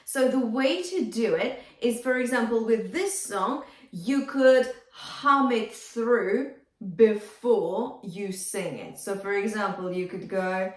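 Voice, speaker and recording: A woman vocal coach talks singers through their technique in an encouraging way, dropping into brief sung examples. Her voice sits fairly high. The sound is roomy, with her set back from the microphone. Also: takes it slowly. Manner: encouraging, demonstrative, sings short phrases to show. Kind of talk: singing lesson feedback with sung demonstrations. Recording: roomy, from a distance.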